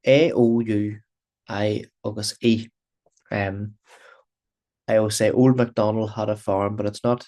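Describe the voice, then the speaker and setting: A man's voice: lowish voice, steady tone, unhurried, pauses often, dark tone. A man giving a recorded grammar lesson as a language teacher, explaining patiently and repeating terms in two languages. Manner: patient, repetitive explaining, switching between Irish and English.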